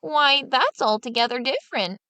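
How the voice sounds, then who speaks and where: A woman's voice: sits high, animated, normal speed, bright, forceful tone, no room sound, voice pushed up. A woman voicing a clever, scheming peasant man who talks in a sly, coaxing way, in a storybook reading.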